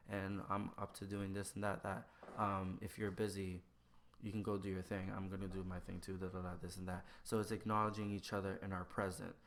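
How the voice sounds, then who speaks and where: A man in casual conversation who acts out both sides of everyday exchanges with lively shifts in his voice. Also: on the low side, normal speed. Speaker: podcast guest. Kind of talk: casual chat.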